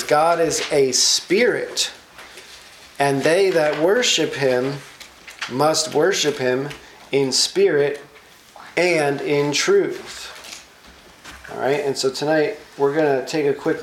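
A Bible teacher, a man with a mid-range voice, leads a sermon-style study in an echoey room, speaking emphatically and quizzing his listeners. A slight hiss or hum runs under the recording.

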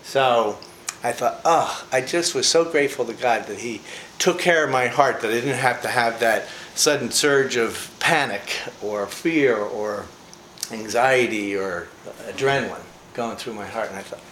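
A man's voice: mid-range voice, measured pace, a bit bright. An older man giving an informal devotional talk, telling personal stories in a chatty way with laughs and fillers. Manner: folksy, chatty storytelling with frequent laughs and fillers. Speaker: preacher. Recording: echoey room with faint ambient noise.

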